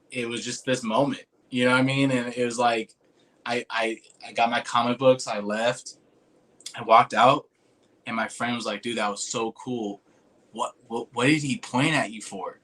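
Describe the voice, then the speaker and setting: A man's voice: medium pitch, a little slow. A young man in casual chat, telling a long story, acting out the other people's lines with lots of restarts. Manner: animated, acts out quoted voices, rambling with restarts. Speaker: podcast host telling a story.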